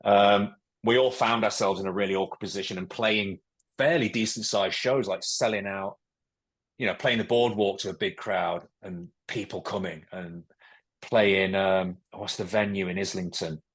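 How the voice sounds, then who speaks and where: Man from England, ex-footballer guest, low husky voice, rambling anecdotal delivery. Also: steady tone, normal speed, fairly bright tone. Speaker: podcast guest, former footballer. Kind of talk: casual interview chat.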